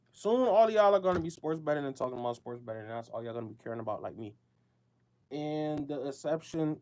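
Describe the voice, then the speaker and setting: A man's voice: mid-range voice, darkish tone. A man hosting his own show, speaking in a casual monologue straight to his listeners. His talk is loose and slangy and keeps circling back on itself. He is from the United States. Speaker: show host.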